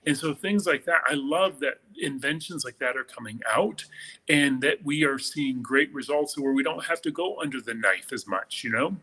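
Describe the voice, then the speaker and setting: A man's voice: on the high side, normal speed, sharp tone, slightly rough, low-quality recording. A middle-aged man, a makeup artist, talking as an interview guest in a casual, enthusiastic and gushing way.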